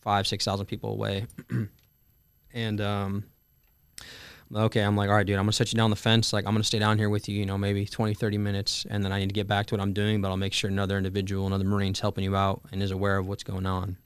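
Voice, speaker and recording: A man's voice: on the low side, monotone, fast talker, clear, resonant tone, no echo. A young man in his twenties telling a war story in casual conversation, full of fillers and swearing, acting out the dialogue. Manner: frequent fillers and swearing, acts out quoted dialogue. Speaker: Marine telling his story as a podcast guest.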